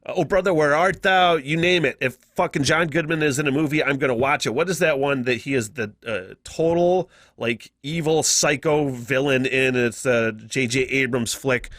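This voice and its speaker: A man's voice: medium pitch, moderate pace, few pauses, a bit bright, dry recording. An American man hosting a casual solo podcast, profane and laughing often, on a close mic. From United States. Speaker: podcast host.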